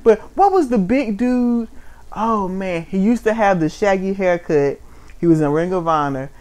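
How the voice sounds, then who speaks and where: A man's voice: sits high, moderate pace, a little mellow. A man co-hosting a casual wrestling chat, blunt and mocking, with frequent swearing. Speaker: podcast co-host.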